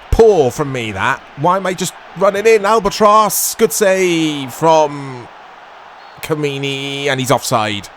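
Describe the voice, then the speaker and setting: A man commentating his own football video game play, excitable and self-mocking, shouting at big moments. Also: mid-range voice, a little hiss or hum. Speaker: gaming YouTuber. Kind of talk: gameplay commentary.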